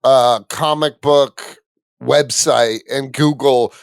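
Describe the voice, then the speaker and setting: A young man, a comedian, chatting loudly and boisterously on a podcast. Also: medium pitch, fairly even intonation, takes it slowly, vocal fry, clear, resonant tone, dry recording. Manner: loud, boisterous. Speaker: comedian guest. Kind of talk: casual chat.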